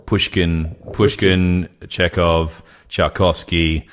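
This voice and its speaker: A young man with a very low voice hosts a casual comedy podcast. He tells long, rambling stories and breaks into laughs along the way. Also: level tone, slow. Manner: rambling anecdotes, laughs often. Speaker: podcast co-host.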